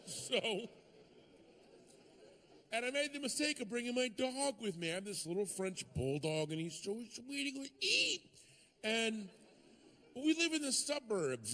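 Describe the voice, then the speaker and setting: A man performing stand-up comedy, telling stories with animated swings and sudden shouted punchlines. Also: a little high, measured pace. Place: comedy stage before a live audience.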